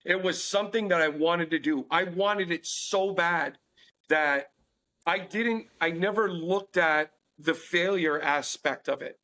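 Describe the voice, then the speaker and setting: A man with a fairly high voice tells a personal story as a podcast guest. He is earnest and confessional and acts out the lines of the people he quotes. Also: unhurried, bright, forceful tone.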